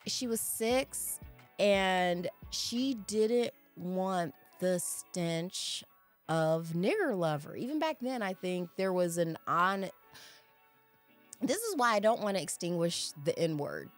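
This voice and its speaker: A woman's voice: lowish voice, lively intonation, slow, faint music behind. A woman co-hosting a casual book-club podcast, talking frankly and explaining her points at length. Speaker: podcast co-host.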